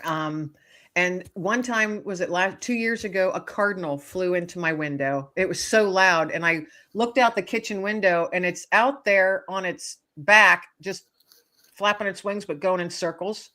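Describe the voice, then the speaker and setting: Lively, bright-voiced woman telling stories. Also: fairly low pitch, unhurried. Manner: animated, acts out voices in her stories, laughs often. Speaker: guest author. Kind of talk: casual storytelling interview.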